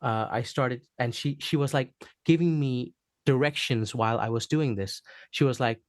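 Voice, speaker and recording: Man, podcast guest, casual storytelling, animated, acts out quotes, dry close sound. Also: mid-range voice, normal speed, dry recording. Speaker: podcast guest, actor and singer.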